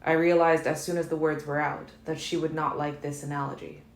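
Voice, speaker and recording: A woman narrating a fan-made audiobook in a calm, measured first-person reading. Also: low-pitched. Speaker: audiobook reader. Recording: roomy echo, faint noise.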